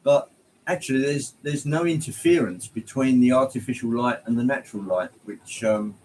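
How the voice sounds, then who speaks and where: Relaxed male streamer, friendly and rambling, middle pitch, lots of ums and restarts. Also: moderate pace, slight background noise, rough recording. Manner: rambling and friendly, greeting viewers by name, many ums. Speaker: livestream host. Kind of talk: casual livestream chat. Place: home hobby room, indoors.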